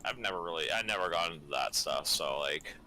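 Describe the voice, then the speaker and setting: A man with a very low voice and a strikingly sharp, tense tone. He chats casually and deliberately, often restarting and repeating his words. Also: animated, slight background noise, rough recording. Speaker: friend chatting on stream. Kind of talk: casual chat.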